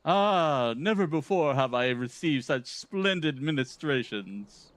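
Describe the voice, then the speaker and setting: A man voicing a pompous, theatrical gentleman inspector in a game, with grandiose, flowery delivery. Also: a little high, lively intonation, takes it slowly, dry recording.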